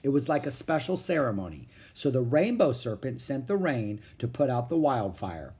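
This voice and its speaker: A reader voicing an eager, cheerful young girl in an audiobook, talking in an excited, upbeat way. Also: medium pitch, normal speed, breathy edge, full character voice. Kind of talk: audiobook character voice.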